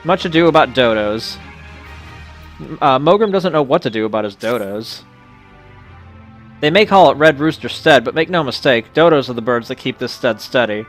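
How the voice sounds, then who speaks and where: A man reading out the game lines of a fussy, pun-loving male sheep farmer, a bit theatrical and louder than his own talk. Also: medium pitch, animated, normal speed, soft background music, natural voice. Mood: enthusiastic. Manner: punning, a little theatrical. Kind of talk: reading game dialogue aloud.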